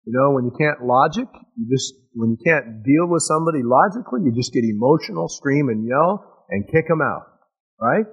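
A man's voice: medium pitch, expressive, moderate pace, husky, lo-fi sound. A man preaching a sermon in an enthusiastic, conversational way, often restarting his phrases.

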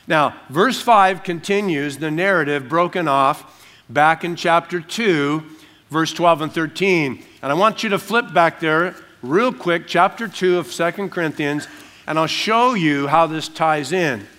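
A man, a pastor preaching a sermon and teaching through a passage verse by verse, breaking into small acted-out scenes in softer voices. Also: fairly high pitch, a little slow. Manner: animated, acts out little scenes in dropped voices.

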